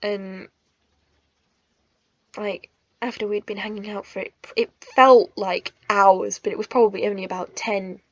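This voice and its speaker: A woman's voice: medium pitch, fairly even intonation, a little slow, long pauses, no room sound. A young woman telling a personal storytime vlog in a chatty, emotional, giggly way, in a slightly muffled recording. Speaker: vlogger.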